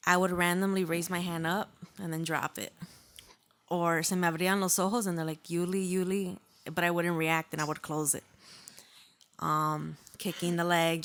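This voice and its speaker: A young woman telling her story as a podcast guest in a chatty, meandering way. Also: on the low side. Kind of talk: casual chat.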